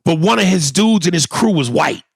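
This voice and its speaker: A man co-hosting a podcast in casual chat, animated and swearing freely. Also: fairly high pitch, normal speed, creaky, breathy edge, dry recording, studio quality. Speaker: podcast co-host.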